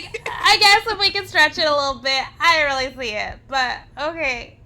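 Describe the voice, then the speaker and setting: Bright-voiced woman guest on a podcast. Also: high-pitched, normal speed. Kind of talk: casual podcast conversation.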